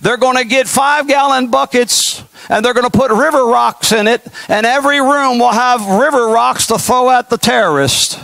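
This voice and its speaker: Man preaching, impassioned, folksy, gravelly voice, dry sound. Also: extremely high pitch, moderate pace, few pauses, dry recording. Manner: impassioned, folksy, animated preaching with mocking asides. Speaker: pastor. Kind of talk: sermon.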